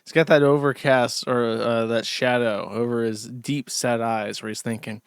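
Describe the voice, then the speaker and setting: A man's voice: mid-range voice, steady tone, normal speed, few pauses, clean tone, dry recording, clean studio sound. A man commentating casually on video clips, sarcastic and mocking, often laughing.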